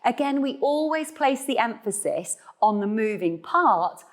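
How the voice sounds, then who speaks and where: A woman's voice: on the high side, lively intonation, measured pace. A woman teaching an online Pilates class, cueing breath and counting reps with encouraging, chatty explanations. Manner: playful asides to viewers. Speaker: Pilates instructor. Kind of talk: guided online exercise class.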